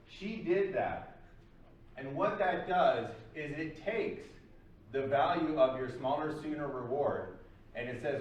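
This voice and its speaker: A man's voice: mid-range voice, expressive, normal speed. Male lecturer, casual and rambling, recorded far off in an echoey room with faint hiss. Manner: loose, filler-heavy explaining. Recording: very echoey room, mic at a distance.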